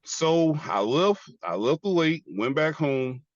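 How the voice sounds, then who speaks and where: A man's voice: a little high, very animated, slow, hardly any pauses, dry recording, muffled recording. An American man, an army veteran, giving an earnest personal testimony as an interview guest and repeating phrases for emphasis. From United States.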